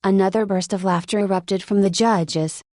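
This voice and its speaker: Woman reading a nonfiction audiobook, average pitch, calm even pace, very dry sound. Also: moderate pace, dry recording. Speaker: audiobook narrator. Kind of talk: scripted nonfiction narration.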